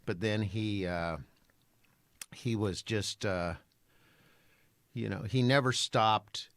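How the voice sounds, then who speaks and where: A man who works in voice-overs, co-hosting a casual podcast in an easygoing, halting way with many pauses. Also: fairly low pitch, fairly bright tone, no room sound, clean studio sound. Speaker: podcast co-host, voice-over artist. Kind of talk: casual conversational podcast chat.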